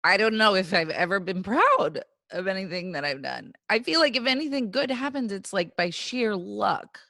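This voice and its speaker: A woman guest in a casual interview, telling stories in an animated, self-deprecating way. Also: mid-range voice, moderate pace, vocal fry, no room sound, studio quality.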